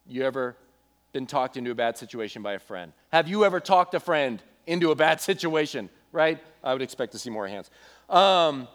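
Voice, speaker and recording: A young adult pastor, male, preaches a sermon by telling a story casually and with animation, adding asides for the congregation. He speaks at medium pitch and normal speed.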